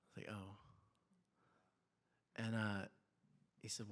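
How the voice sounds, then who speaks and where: A man in his thirties preaching a sermon in a church, telling family stories in a conversational, animated way with laughs and quiet asides. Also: on the low side, slow, long pauses. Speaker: pastor.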